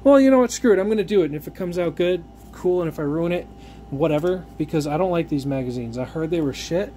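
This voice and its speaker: A man's voice: a little high, expressive, quick pace, dark tone, slight background noise. A man giving a casual, profanity-laced vlog rant with rambling restarts and fillers, like someone telling a story about a frustrating purchase. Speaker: gun vlogger.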